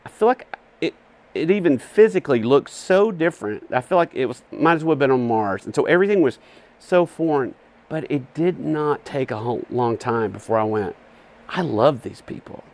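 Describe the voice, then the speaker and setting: A man's voice: mid-range voice, lively intonation, a little fast, a little mellow. A man with an Alabama Southern accent, a guest animatedly telling stories on a front porch and laughing often. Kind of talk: casual storytelling chat.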